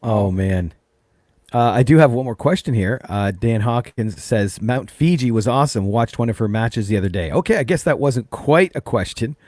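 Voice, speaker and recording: A man's voice: medium pitch, lively intonation, normal speed, darkish tone, no room sound, clean studio sound. A man hosting a casual online interview who reads viewer comments aloud in an easygoing way. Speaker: host.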